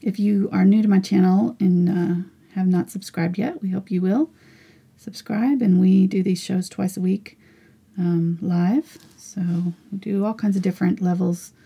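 A woman in her forties teaching a live painting lesson, chatty and encouraging, often slipping into soft whispers as she works. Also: mid-range voice, fairly even intonation, a little slow, vocal fry, husky. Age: 40s. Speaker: art teacher.

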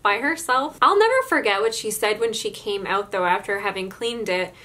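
A woman's voice: mid-range voice, moderate pace. Chatty, laughing woman in her twenties. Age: 20s. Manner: animated, laughs often mid-story; lots of "like" fillers, chatty. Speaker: YouTuber. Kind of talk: casual storytelling vlog.

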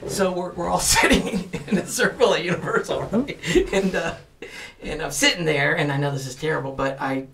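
A man, a podcast guest who is an actor and comedian, telling stories with animated delivery and acting out the voices of people in them. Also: fairly high pitch, normal speed. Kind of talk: animated storytelling.

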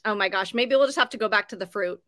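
A woman's voice: medium pitch, quick pace, sharp tone, dry recording, studio quality. A woman co-hosting a live show, chatty and encouraging as she quizzes viewers. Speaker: health segment co-host. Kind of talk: casual live-stream chat.

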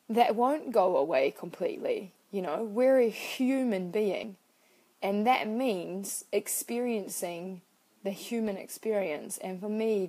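A young woman talks openly to her live-stream viewers, greeting them by name as she goes. Her voice is soft and mellow, and her manner is heartfelt and unfiltered, with the odd swear word. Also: mid-range voice. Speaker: live-stream host and personal-growth coach.

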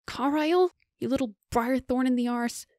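A woman voicing a fiery young woman raised as a country hooligan, sharp and snarling. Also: sits high, normal speed, no echo, studio quality, voice pushed up, lightly acted. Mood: outraged.

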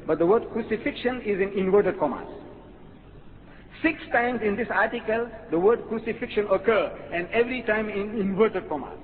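A man giving a public religious lecture in an animated way, firing rhetorical questions and acting out quotes. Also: high-pitched, moderate pace. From South Africa. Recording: tinny lo-fi hall recording with faint hiss.

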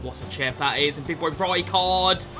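A young man commentating his own video game matches in an excitable, sweary, chatty way, talking to the viewers as lads. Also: fairly high pitch, normal speed. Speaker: gaming video host. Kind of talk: live gameplay commentary. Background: background music.

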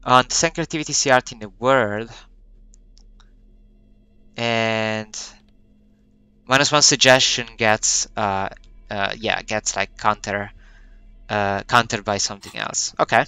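Bright, crisp-voiced man musing through a game. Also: mid-range voice, a little slow, long pauses, dry recording. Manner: thinks aloud, hesitant, musing. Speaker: let's play gamer. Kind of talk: gameplay commentary, reading game text aloud.

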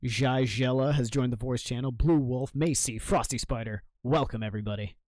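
A man's voice: medium pitch, moderate pace, darkish tone, dry recording. Joking, swearing young man streaming games. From Maine, United States. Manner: joking, swears freely, reacts to chat. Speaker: game streamer. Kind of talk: casual live-stream chat while gaming.

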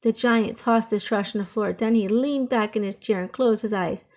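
A woman reading a children's picture book aloud with expressive storytelling. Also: on the high side, moderate pace. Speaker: storybook reader.

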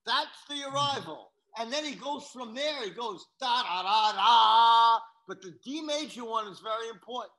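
A man's voice: very high-pitched, expressive, moderate pace, hardly any pauses, pushed and bright, rough recording. A man from New York coaching a piano student, singing phrases on "da" syllables to show emphasis. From New York, USA. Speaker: piano teacher. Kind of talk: masterclass coaching.

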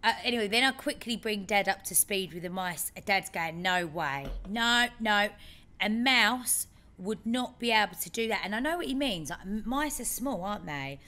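A woman co-hosting a podcast, telling a story in a lively way and acting out other people's lines. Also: mid-range voice, normal speed. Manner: animated storyteller, acts out her dad's lines. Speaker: podcast co-host. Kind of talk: casual chat, storytelling.

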